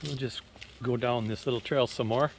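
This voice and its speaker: A man with a Minnesotan accent talks in an easygoing, chatty way while riding a trike outdoors, pointing out sights along the trail. His voice sits at a middle pitch, picked up by a camera on the trike, with faint insect and outdoor ambience behind him. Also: steady tone, moderate pace, slight background noise. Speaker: trike touring vlogger. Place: outdoors on park bike trails.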